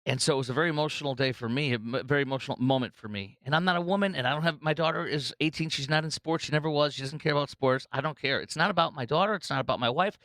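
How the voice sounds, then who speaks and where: A man's voice: fairly high pitch, racing, few pauses, fairly bright tone, no room sound. A middle-aged man hosting a political commentary show, talking effusively and emotionally, often restarting and repeating words. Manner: effusive, emotional, breaks into laughter. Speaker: podcast host.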